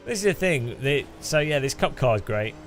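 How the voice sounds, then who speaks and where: A man's voice: mid-range voice, sing-song, moderate pace, faint music behind. A middle-aged man, chatting casually and jokingly while streaming a game live, often chuckling as he rambles. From English Midlands.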